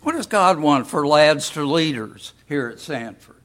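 A man preaching a sermon as pastor, deliberate and full of rhetorical questions to the congregation. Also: on the high side, animated, a bit bright.

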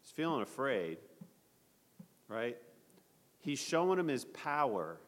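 A man's voice: on the low side, in a large hall, a little hiss or hum. A man leading a Bible study, talking conversationally and asking his group questions.

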